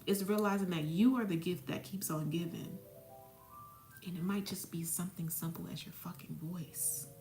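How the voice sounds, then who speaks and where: A woman's voice: on the low side, fairly even intonation, moderate pace. Blunt, cursing woman preaching in an echoey room. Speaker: spiritual mentor and psychic medium. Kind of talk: casual motivational talk. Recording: echoey room, faint music behind.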